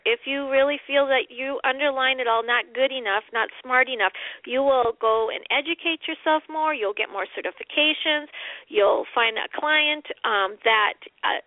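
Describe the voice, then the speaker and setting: A woman guest on a radio interview, earnest and halting with lots of fillers and restarts, heard over the phone. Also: high-pitched, dry recording. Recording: tinny phone line, dry.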